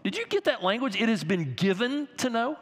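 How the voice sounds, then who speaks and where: A man preaching as pastor, lively and animated, turning to the children with everyday examples. His voice sits high and moves a lot. The sanctuary leaves a long reverb on every word. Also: a little fast. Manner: animated, talks to kids in the congregation with everyday examples. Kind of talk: sermon. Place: church sanctuary.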